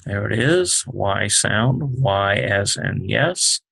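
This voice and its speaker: Man, Hebrew teacher, gravelly, husky, slow, halting, explaining letters as he writes. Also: on the low side, lively intonation, fairly bright tone, dry recording. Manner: slow, halting, many fillers, explains while writing. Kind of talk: unscripted alphabet lesson.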